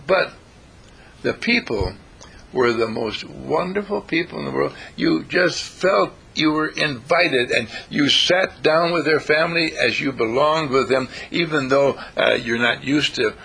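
A man delivers a sermon in a husky, gravelly voice with a bright, sharp edge. His pitch swings widely as he tells stories and slips into the voices of the people in them. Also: measured pace. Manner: animated, acts out characters in the stories. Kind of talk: sermon with storytelling.

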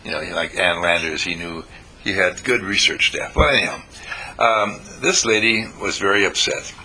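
A man's voice: low voice, normal speed, bright, forceful tone, breathy edge, poor audio. A man giving a self-help talk, telling stories animatedly and acting out the voices in them. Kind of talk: storytelling talk.

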